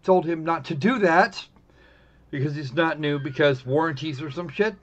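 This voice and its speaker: A man's voice: on the high side, normal speed. A man hosting a live stream, chatting casually in a wry, rambling way and often correcting himself mid-sentence. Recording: muffled lo-fi stream audio.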